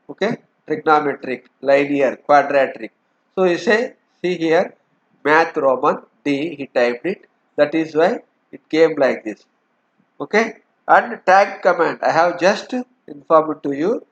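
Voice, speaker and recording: A man's voice: fairly high pitch, fairly bright tone. A man teaching, explaining step by step and often saying "okay". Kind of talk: lecture walking through a document. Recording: dull lo-fi lecture recording.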